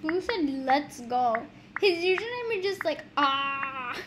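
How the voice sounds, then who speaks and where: A woman with a high, bright voice chats casually over an online game. She teases, giggles and gets excitable, with clear background noise and clicking under the recording. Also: measured pace. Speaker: gamer streamer. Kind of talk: casual gaming chat.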